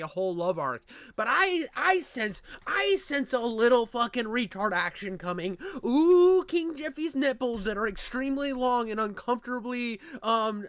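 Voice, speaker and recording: Male reaction host, high smooth voice, crude and mocking, loud outbursts. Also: dry recording. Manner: loud, profane, mocking, swings from shouts to mutters. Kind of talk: crude comedic reaction commentary.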